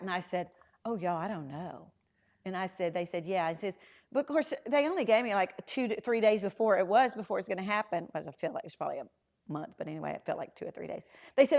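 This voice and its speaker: A middle-aged woman, a podcast guest telling lively stories and acting out the voices of the people in them. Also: medium pitch, fast talker. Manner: animated storyteller, acting out quoted dialogue. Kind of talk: storytelling in a casual interview.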